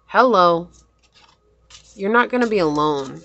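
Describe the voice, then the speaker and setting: A woman giving a pick-a-card tarot reading in a gentle, affirming and emotional way. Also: on the low side, moderate pace. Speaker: tarot reader.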